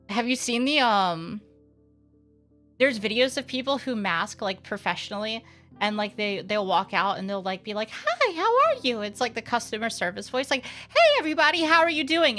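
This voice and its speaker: A young woman streams live and chats in a bright, crisp voice that sits at an ordinary pitch for a woman. She talks candidly and sarcastically, swears freely, and rambles with plenty of fillers. Quiet music plays faintly underneath. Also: moderate pace. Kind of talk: casual live-stream chat.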